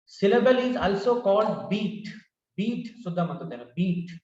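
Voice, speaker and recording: A man's voice: high-pitched, sing-song, racing, a little mellow. A man with an Indian English accent teaching a pronunciation lesson, repeating each word several times to drill it. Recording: roomy, distant, dull lo-fi sound.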